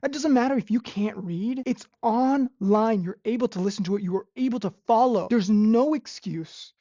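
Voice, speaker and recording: A woman's voice: a little high, normal speed, dark tone, dry recording. Woman talking straight to camera about her faith, earnest, keeps restarting, dull dry lo-fi sound. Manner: earnest, repetitive, full of restarts. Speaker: vlogger. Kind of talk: personal faith testimony.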